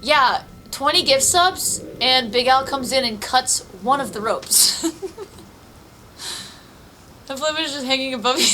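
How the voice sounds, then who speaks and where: A woman's voice: high-pitched, lively intonation, slow, pauses often, pushed and bright, slight background noise, poor audio. A woman streaming a video game from her apartment, chatting casually, laughing often and swearing freely as she thinks aloud. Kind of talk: casual live-stream chat while playing. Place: apartment room.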